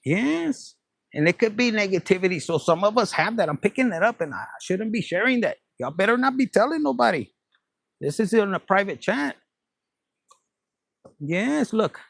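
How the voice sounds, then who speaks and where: A man's voice: high voice, very animated, normal speed, creaky, a bit bright, no echo. A man giving a casual tarot reading, playful and profane, dropping Spanish phrases. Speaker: tarot reader.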